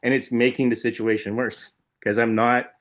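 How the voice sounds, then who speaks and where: Male podcast co-host, mid-pitch, chatty and rambling storyteller. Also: moderate pace. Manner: rambling, animated retelling with frequent "like" and "right?". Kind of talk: casual chat, storytelling.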